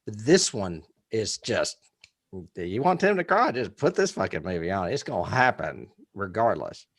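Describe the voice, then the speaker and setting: A man talking about a favorite movie in a loose, casual podcast chat, his pitch swooping all over as he gets worked up. He laughs easily and lets a curse slip now and then. The sound is close and dry, with no room around him. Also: moderate pace, slightly rough, dry recording. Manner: animated, laughs often, swears casually. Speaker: podcast co-host.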